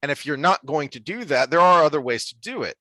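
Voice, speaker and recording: A man co-hosting a podcast, talking through a TV series review in an animated, rambling way with frequent restarts. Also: fairly high pitch, fast, no room sound. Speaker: podcast co-host. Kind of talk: casual review discussion.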